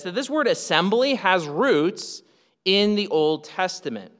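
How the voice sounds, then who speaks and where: Bright-voiced male pastor preaching in a hall. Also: on the high side. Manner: emphatic, explanatory, with frequent restarts. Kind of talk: sermon.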